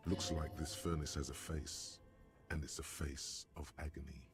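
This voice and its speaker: An actor narrating a detective's inner mind in a game, in a dramatic, ominous way with a gravelly voice. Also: male voice, rumbling low, level tone, normal speed, soft background music.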